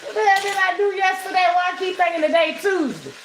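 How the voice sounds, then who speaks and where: Talking quickly in a very high-pitched voice, a woman cooks in her home kitchen and chats directly to viewers in a casual, salty-tongued way. As a home cook vlogger, she's recorded in an echoey kitchen with frying sizzle and a noisy background.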